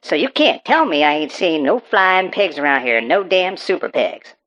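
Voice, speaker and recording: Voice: mid-range voice, very animated, normal speed, fairly bright tone. A performer playing a paranoid rural farmer who rambles and stammers through profane rants about super pigs. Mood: ranting. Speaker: interviewee on a call-in show. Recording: dull, muffled audio.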